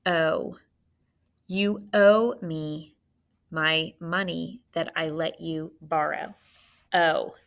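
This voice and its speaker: A woman teacher giving a spelling lesson to children, patient and clear, sounding words out slowly. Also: sits low, fairly even intonation.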